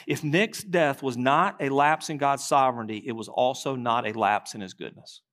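A man preaching a sermon as pastor, reading quotations aloud, slowing and dropping low at key lines. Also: a bit bright.

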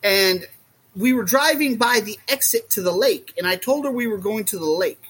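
A man talking as a guest in a casual podcast chat, rambling and animated, often acting out what others say. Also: high voice, normal speed, husky. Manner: rambling and animated, acts out quotes. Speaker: guest, reptile keeper.

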